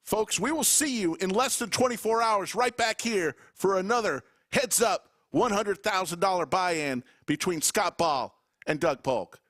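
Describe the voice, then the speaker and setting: A man commentating live poker play-by-play, excited and out of breath, calling out to viewers. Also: sits high, a little slow. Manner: excited, emphatic calls to viewers.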